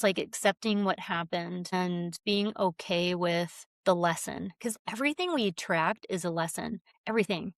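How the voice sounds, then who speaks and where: A woman's voice: fairly low pitch, no room sound, clean studio sound. A woman podcast guest talking openly and earnestly about healing, often laughing and acting out her own inner voice. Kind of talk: reflective conversational interview.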